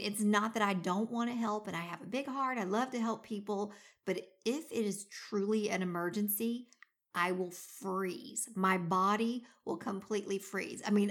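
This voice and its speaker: Animated woman telling a story. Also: medium pitch. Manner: animated storyteller, acts out her own gasps and quotes. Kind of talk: casual chat.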